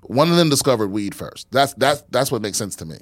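A man's voice: mid-range voice, lively intonation, brisk, no room sound, clean studio sound. A man hosting a casual podcast, rambling with many restarts and swearing. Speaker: podcast host.

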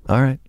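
A man's voice: a little mellow, no echo, studio quality. A man, a comedian guest, telling a story in a hesitant, self-deprecating way. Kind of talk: casual chat, telling an anecdote.

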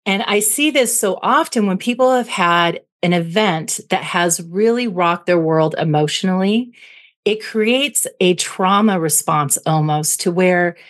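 A middle-aged woman psychologist explaining calmly and carefully as a guest on a podcast interview. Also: lowish voice. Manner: measured, explanatory.

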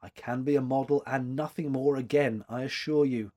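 A man's voice: medium pitch, steady tone, moderate pace, a little mellow, lightly acted. A man playing an earnest, gallant suitor. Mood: cheerful. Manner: composed, resolutely cheerful.

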